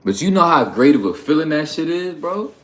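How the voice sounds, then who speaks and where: A man's voice: fairly high pitch, big pitch swings, brisk. A man from New York hosting a livestream, talking bluntly and profanely in a rambling, casual way. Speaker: livestream host.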